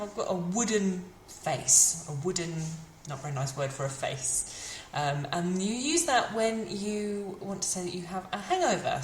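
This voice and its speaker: A woman, teaching beginners French idioms and repeating each phrase slowly. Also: lowish voice, roomy sound, slight background noise. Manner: slow, carefully modelled French phrases between English explanations. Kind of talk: beginner language lesson.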